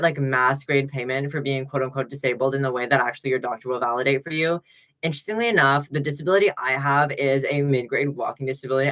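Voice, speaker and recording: Ranting casually on a livestream, a man talks into his laptop's built-in mic, sassy and rambling as he swings between loud remarks and low mutters.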